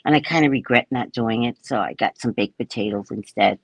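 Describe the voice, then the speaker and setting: A woman psychic casually telling a story about her neighbors, animated and acting out the people she quotes. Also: a bass voice, brisk, breathy edge, no echo. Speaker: psychic reader.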